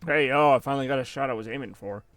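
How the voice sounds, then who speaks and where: A man's voice: mid-range voice, rapid-fire, a bit bright, dry recording. A man in his thirties giving rambling live commentary on a game, laughing often. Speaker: game streamer.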